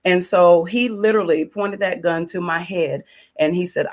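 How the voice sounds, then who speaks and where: A woman's voice: on the low side, normal speed, darkish tone, highs cut off. A woman sharing her personal testimony, telling it with emotion, repeating key phrases and acting out her own prayers.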